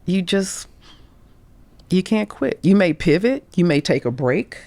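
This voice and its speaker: A little slow and low-pitched, a middle-aged career coach tells candid podcast stories in an animated way. She acts out quoted lines and drops into whispers, all captured in a dry recording.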